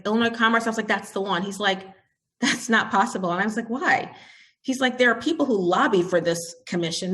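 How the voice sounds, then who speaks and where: A woman's voice: mid-range voice, fairly bright tone. A woman in her forties, a company CEO, speaking to an audience and telling a candid story about her career, acting out bits of dialogue along the way.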